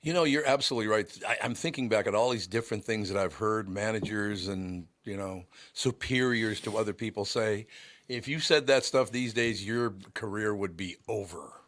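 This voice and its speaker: A man's voice: fairly low pitch, moderate pace, a bit bright. A man, a sports broadcaster, chatting casually and sharing old anecdotes. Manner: reminiscing, anecdotal.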